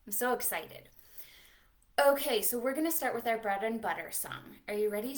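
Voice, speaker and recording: A young adult woman, a children's librarian, leading a livestreamed preschool storytime in an animated, sing-song way, talking to little children and a puppet. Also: mid-range voice.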